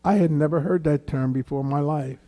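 A man sharing a personal testimony at a church question-and-answer session, unhurried and storytelling. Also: dark tone. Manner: slow, unhurried storytelling that raises the pitch for quoted voices. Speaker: guest speaker at a church Q&A.

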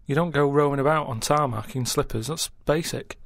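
A man's voice: a little high, a little fast, no room sound, clean studio sound. Blunt, matter-of-fact Englishman. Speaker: radio show regular. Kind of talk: casual chat.

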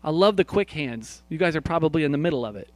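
A man preaching a sermon to his congregation. He asks them questions, speaks to people by name, and swings from quiet, hushed prayer lines to loud, emphatic points. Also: fairly high pitch, lively intonation, quick pace, no echo. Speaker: pastor.

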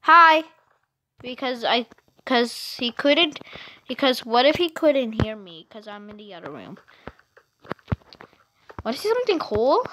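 Chatty girl gamer talking thru her game at home, high voice, takes her time, bit of faint hiss behind. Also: measured pace, long pauses. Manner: chatty and excitable, rambling with fillers. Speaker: gamer narrating her own play. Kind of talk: casual gameplay commentary.

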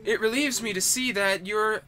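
A man putting on a gentle, tender young village mother. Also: high-pitched, steady tone, normal speed, faint music behind, voice pushed up. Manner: tender, earnest, old-fashioned speech.

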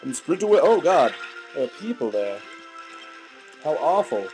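A man's voice: a little high, very animated, a little fast, music in the background, rough recording. A young man with a sore, gunky throat giving goofy gaming commentary full of silly outbursts. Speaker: let's play commentator.

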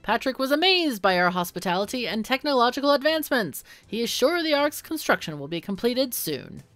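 A chipper propaganda newscaster from a dystopian video game, voiced by a woman in her best announcer voice. The delivery sits higher than her normal talk and swoops up and down with cheery emphasis. The sound is close and dry. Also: sing-song, brisk, dry recording, soft background music. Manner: bright announcer cadence. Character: upbeat state TV newscaster.

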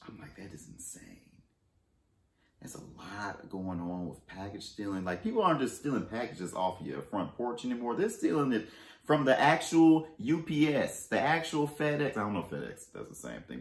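A man vlogging a casual storytime and unboxing, animated, jumping between loud exclamations and muttered asides. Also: medium pitch, normal speed, reverberant. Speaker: fashion haul vlogger.

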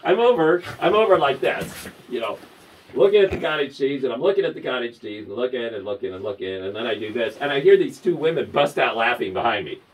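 A man telling lively stories to camera, laughing often and breaking into high squeals. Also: fast talker, far from the mic, poor audio. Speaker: vlogger. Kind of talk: casual storytelling to camera.

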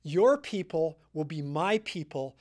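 A man's voice: on the high side, expressive, unhurried, darkish tone. A man reading the firm, solemn vow of a stubborn, devoted young widow during a sermon. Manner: firm, solemn, read aloud.

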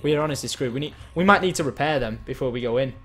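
This game streamer delivers rapid-fire, excitable commentary on his gameplay in a mid-range voice. He keeps up a chat with his viewers and thanks them as he plays.

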